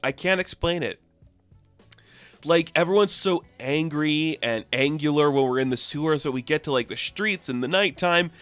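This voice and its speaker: A man's voice: a little high, moderate pace, a bit bright, clear, resonant tone, dry recording, faint music behind. Casual male comic book reviewer. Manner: enthusiastic, loose, lots of "like" fillers.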